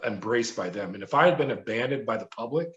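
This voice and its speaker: A middle-aged man, a former prison guard, recounting his experiences as a podcast guest in an animated storytelling manner. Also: medium pitch, fast talker. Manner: animated storyteller who acts out quoted voices. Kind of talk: storytelling interview. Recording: roomy, dull remote audio.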